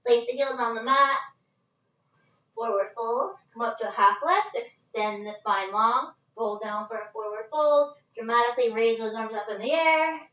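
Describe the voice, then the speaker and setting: A woman's voice: a little high, moderate pace, fairly bright tone, echoey room, far from the mic. Casual yoga teacher, woman, out of breath, dull lo-fi phone sound in her living room. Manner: casual, chatty, breaks into laughs. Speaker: yoga instructor. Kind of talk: live-streamed yoga class instruction. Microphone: phone set at a distance.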